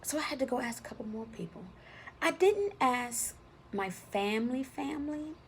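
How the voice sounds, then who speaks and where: A woman's voice: high voice, expressive, moderate pace, slight background noise. A woman and former teacher telling a personal story in a conversational way, often checking in with "right?".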